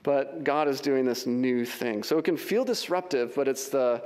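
A man's voice: medium pitch, normal speed, darkish tone. A male pastor delivering a sermon with passion, stacking repeated phrases into building lists. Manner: impassioned, repeats phrases for emphasis.

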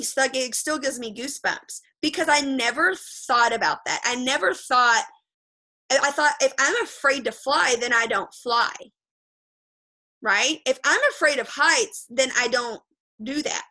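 A woman's voice: on the high side, bright, forceful tone, low-quality recording. A woman giving a motivational pep talk to a group over a video call, emphatic and repetitive, blunt and sometimes swearing, often checking in with "okay?". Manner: frank, with mild swearing. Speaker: motivational speaker addressing a group.

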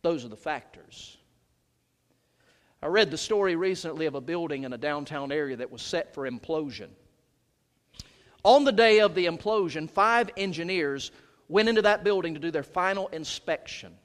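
A male senior pastor preaching with force, rising to shouts and then dropping to hushed, low lines. His voice sits high for a man. The sound rings through a large, reverberant church sanctuary. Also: expressive, moderate pace. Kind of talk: sermon. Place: church sanctuary during a worship service.

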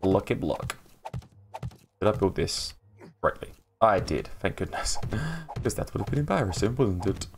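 A man's voice: lowish voice, big pitch swings, moderate pace, vocal fry, background noise. An English man hosting a casual live game stream, rambling, laughing often and greeting viewers in chat by name. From England. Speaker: livestream host.

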